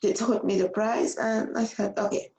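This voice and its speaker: Woman vlogger, casual emotional story, mellow gravelly voice. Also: mid-range voice, normal speed, low-quality recording. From abroad. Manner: animated, repeats herself.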